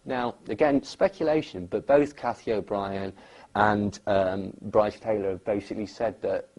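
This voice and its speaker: A man, a guest in an interview, talking in a rambling, animated way with lots of fillers. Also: on the low side, unhurried, rough recording. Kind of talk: conversational interview.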